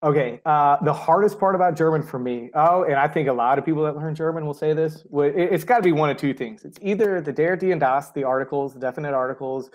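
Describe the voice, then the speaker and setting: A man, a high school teacher, talks quickly in a relaxed interview. His voice sits a little high for a man. He tells stories in a lively way, acts out quoted lines and laughs often. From United States. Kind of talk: casual interview conversation.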